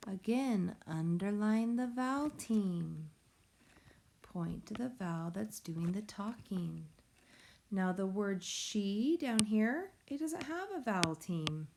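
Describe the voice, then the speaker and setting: A woman teacher giving a recorded phonics lesson to young children, explaining slowly and patiently in a sing-song way. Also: mid-range voice, animated, creaky, darkish tone, a little hiss or hum. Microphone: tablet or device mic.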